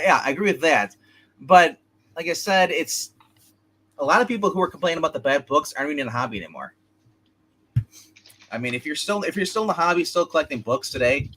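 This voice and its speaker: A man with a slightly high, sharp-toned voice co-hosts a casual comics livestream. He rambles and offers strong opinions as he chats with his co-host and the viewers.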